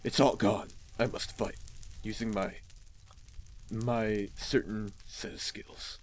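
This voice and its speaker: A man voicing a grim, vengeful young man in a video game, speaking slowly in a hushed, menacing way. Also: fairly low pitch, fairly even intonation, slight background noise, voice pushed down. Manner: slow, hushed, menacing delivery.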